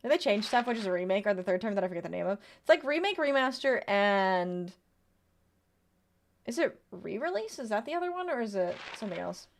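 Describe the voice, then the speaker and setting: A young woman streaming a horror game, chatting casually with viewers, greeting them and reading chat, with sudden excited outbursts between quiet mutters. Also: medium pitch, fairly quick, gravelly, a little hiss or hum.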